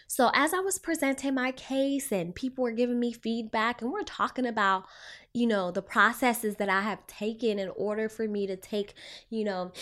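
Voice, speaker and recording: Animated young woman clinician telling a story. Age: young adult. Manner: animated, swinging pitch, filler-heavy retelling. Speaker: child trauma clinician. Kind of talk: personal storytelling to viewers.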